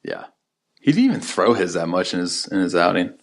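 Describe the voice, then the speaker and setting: A man's voice: deep voice, sing-song, a little fast, vocal fry. A young man in his twenties co-hosting a podcast, chatting casually in slang with lots of fillers and restarts. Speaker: podcast co-host. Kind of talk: casual chat.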